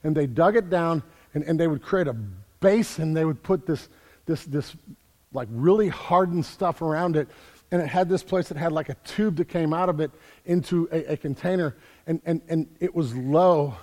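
A high-voiced man preaches with energy, doubling back on his words as he drives each point home. His voice carries a long reverb, as if filling a large church sanctuary. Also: normal speed. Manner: energetic, repeats words while building emphasis. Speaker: pastor. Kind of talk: sermon.

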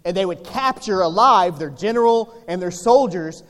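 A pastor delivers a sermon with a high, ringing voice. He talks to the congregation casually, throwing in rhetorical questions and jokes. The sound carries a long reverb from a church hall. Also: lively intonation, normal speed, fairly bright tone. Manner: conversational preaching with rhetorical questions and humor.

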